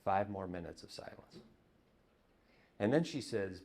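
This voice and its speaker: A man preaching a conversational sermon as pastor, telling stories and dropping to a hush on repeated words. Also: deep voice, expressive, a little slow. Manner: conversational, storytelling, drops to hushed repetitions. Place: church.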